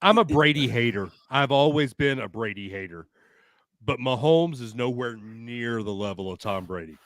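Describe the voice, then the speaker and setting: A man's voice: mid-range voice, expressive, moderate pace, a bit bright, no room sound. A man co-hosting a podcast in casual chat, easygoing with short reactions and asides. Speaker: podcast co-host.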